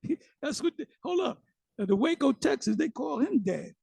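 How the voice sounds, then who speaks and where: A man's voice: extremely high pitch, big pitch swings, moderate pace, creaky, darkish tone, no room sound. A man giving casual, emphatic commentary on a sermon video. He often repeats words and uses slang.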